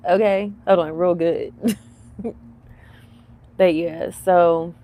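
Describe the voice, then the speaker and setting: A woman in her thirties hosting a live commentary stream, chatty and animated, laughing often, with lots of fillers. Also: fairly low pitch, very slow, highs cut off. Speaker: livestream commentary host. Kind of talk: casual commentary chat.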